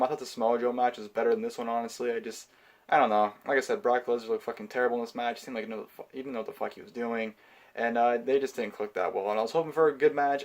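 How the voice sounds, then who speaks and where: Guy ranting fast about a wrestling show, swears a ton, lots of ums. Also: mid-range voice. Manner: profane, heated ranting; frequent filler words and restarts. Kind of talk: casual pay-per-view review.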